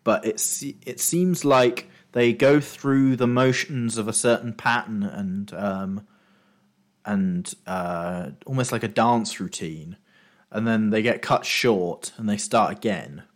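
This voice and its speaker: A man running a tabletop game as game master, narrating scenes with frequent ums and pauses. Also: on the low side. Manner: hesitant, lots of ums while describing.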